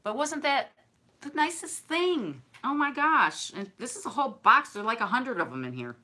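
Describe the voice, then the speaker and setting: A woman's voice: fairly high pitch, very animated, normal speed, sharp tone. A woman, chatting casually and effusively to her viewers while unboxing gifts they sent her. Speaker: craft and decor vlogger.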